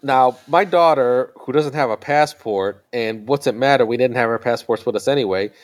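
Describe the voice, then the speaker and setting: A man in his thirties, a podcast guest, telling a family anecdote in casual chat, animated and often laughing. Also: medium pitch, normal speed.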